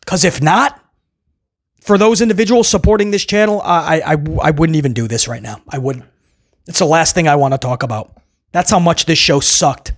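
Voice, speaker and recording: A man hosts a casual wrestling review, sarcastic and rambling, stammering as he restarts his sentences in a casual video review rant. His pitch is fairly high and his pace moderate.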